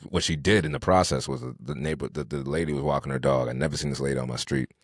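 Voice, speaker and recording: A man co-hosting a podcast, telling stories in a slangy, animated, casual way. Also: medium pitch, quick pace, vocal fry, husky, no echo, clean studio sound. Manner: slangy, animated storyteller with restarts. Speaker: podcast co-host. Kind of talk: casual storytelling chat.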